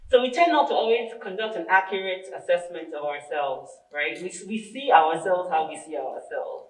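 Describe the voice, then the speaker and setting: A woman presenting a training workshop, a lively storyteller who acts out dialogue and asks her audience questions. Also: fairly low pitch, normal speed. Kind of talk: interactive training workshop talk. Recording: echoey room, far from the mic.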